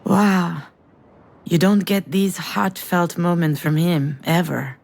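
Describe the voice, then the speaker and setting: A woman's voice: on the low side, fairly even intonation, slow, creaky, a little mellow. A woman streaming a game live and commenting on it with surprised reactions.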